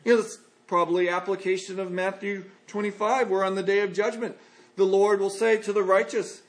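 A man preaching an expository sermon as a pastor, earnest and measured, in a conversational tone. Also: sits high, level tone.

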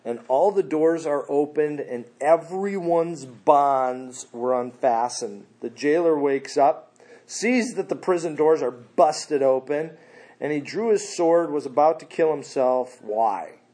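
A man preaching a sermon, his voice sitting a bit high for a man. He talks in a casual, slangy way, dropping into quiet asides and then climbing into loud, animated bursts. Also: slow.

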